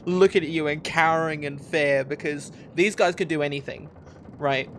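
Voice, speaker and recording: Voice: medium pitch, fairly even intonation, moderate pace, a bit bright, slight background noise. A game master narrating a tabletop game in a loose, rambling way with lots of fillers.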